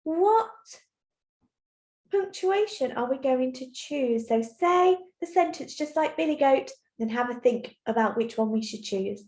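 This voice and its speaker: Woman teacher talking little kids through an online lesson, kind and clear, highish voice, roomy echo. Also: lively intonation, moderate pace, hardly any pauses, a little mellow. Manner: clear, patient, encouraging explanation. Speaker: primary school teacher. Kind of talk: recorded online lesson for young children. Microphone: computer mic while screen sharing. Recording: echoey room.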